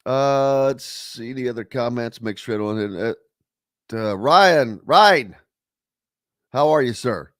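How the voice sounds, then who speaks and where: A man's voice: medium pitch, expressive, slow pace, no room sound, studio quality. A man hosting a casual sports talk radio show, rambling loosely with plenty of fillers and reading listener comments aloud.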